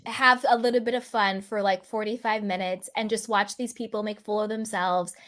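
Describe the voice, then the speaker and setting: A woman's voice: mid-range voice, steady tone, normal speed, fairly bright tone. A woman hosting a casual chat about reality TV, talking animatedly and acting out her own reactions in playful quoted voices. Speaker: host.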